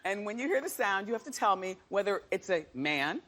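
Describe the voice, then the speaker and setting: A woman hosting a TV talk show interview in a studio, quick to affirm with emphatic yeses. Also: mid-range voice, very animated. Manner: frequent emphatic yes and uh-huh affirmations. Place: TV studio with live audience. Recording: studio audience noise. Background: studio audience.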